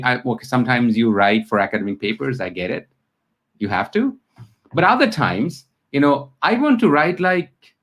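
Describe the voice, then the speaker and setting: A middle-aged man with a Bangladeshi accent hosting an interview, talking in an impassioned, animated way with many fillers and restarts. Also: medium pitch. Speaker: interview host. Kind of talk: conversational interview.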